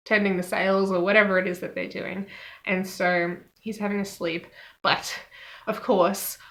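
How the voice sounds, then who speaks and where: A woman giving a casual devotional Bible talk, chatty and relaxed, with many fillers and small laughs. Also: mid-range voice. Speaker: Bible teacher.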